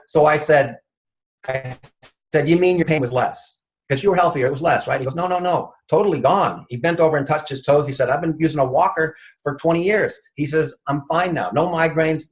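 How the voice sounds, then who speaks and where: A chiropractor being interviewed tells an anecdote in a slightly high voice, and the audio is poor. He retells the conversation by acting out what each person said.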